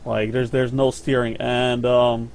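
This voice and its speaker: A man's voice: medium pitch, little pitch movement, unhurried, gravelly, a little mellow. A man talks through a gameplay breakdown in a loose, rambling podcast style. He swears freely and stumbles over his words, with a faint hiss behind his voice. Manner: rambling, profane, repeats words. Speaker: podcast host. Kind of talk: casual gaming chat.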